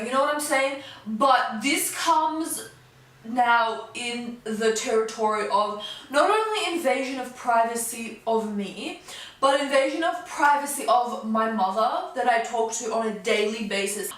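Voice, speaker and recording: Lively high-voiced young woman, echoey room. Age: 20s. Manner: animated, fast-talking, swings from low mutters to high outbursts. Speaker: vlogger. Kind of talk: storytime vlog, casual chat. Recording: echoey room, voice a bit far from the mic.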